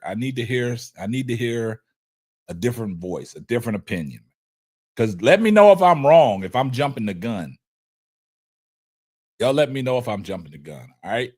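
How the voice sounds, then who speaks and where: A man hosting a laid-back sports call-in livestream, talking in at a middle pitch. He circles back over his own phrases and sounds choked up and a little hoarse. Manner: animated, repetitive, reads chat aloud. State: choked up, coughing. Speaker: livestream sports show host. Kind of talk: casual call-in livestream talk.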